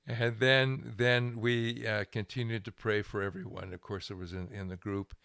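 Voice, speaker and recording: An older man, a guest minister, telling a lively anecdote in an interview, chuckling and restarting his phrases. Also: mid-range voice, creaky, dry recording, studio quality. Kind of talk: storytelling interview.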